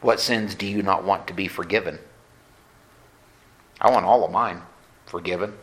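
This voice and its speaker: A man preaching a sermon in a bright, forceful voice. He speaks earnestly and draws out his words for emphasis. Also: low-pitched, normal speed. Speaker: pastor.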